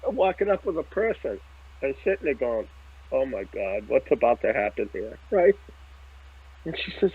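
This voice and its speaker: A man, telling a story as a psychic medium in lively casual talk, swearing now and then and checking in with "right?". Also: fairly high pitch, normal speed, husky. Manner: animated, swears casually, laughs often, repeats "right?" and "okay?". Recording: tinny phone-like line.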